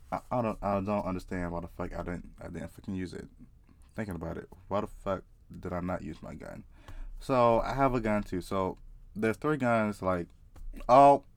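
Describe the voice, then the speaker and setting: A young man from South Carolina with a Southern accent, telling a story in a casual, profane, excitable and rambling way. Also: fairly low pitch, no room sound. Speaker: vlogger.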